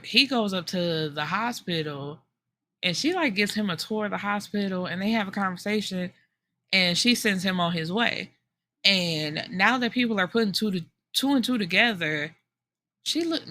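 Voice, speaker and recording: A woman hosting a book podcast, casually recapping a story and acting out the characters' lines with lively slang. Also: medium pitch. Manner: animated retelling, acting out character quotes with slang and cursing.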